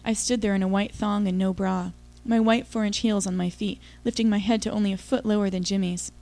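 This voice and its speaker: Woman, audiobook narrator, first person, confiding, mellow voice, mid pitch. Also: fairly even intonation, fairly quick.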